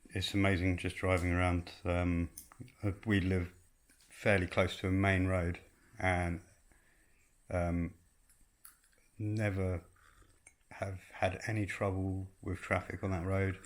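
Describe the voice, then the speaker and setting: A man co-hosting a casual home vlog, talking in a relaxed, hesitant way with frequent ums. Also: low-pitched. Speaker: vlog co-host. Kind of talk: casual chat. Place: home in rural France.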